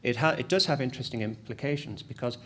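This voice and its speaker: A man giving a conference presentation as an academic, lively and self-deprecating, with frequent restarts. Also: medium pitch, fast.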